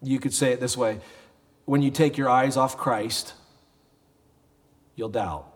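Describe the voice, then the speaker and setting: Taking it slowly, a man with a medium-pitched voice preaches conversationally in a church sanctuary, now and then voicing the people he quotes. A long reverb tail follows his words.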